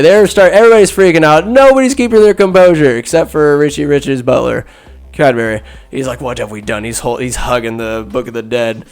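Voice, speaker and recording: A man's voice: on the high side, clear, resonant tone. A man hosting a podcast, recapping a movie in a rambling, profane, jokey way. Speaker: podcast host. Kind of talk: casual comedic movie recap.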